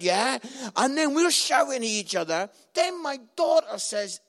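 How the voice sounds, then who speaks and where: Lively Scottish preacher telling funny stories. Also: male voice, extremely high pitch, unhurried. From Scotland. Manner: animated, acts out family quarrels in raised voices. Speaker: visiting preacher. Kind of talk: humorous sermon storytelling.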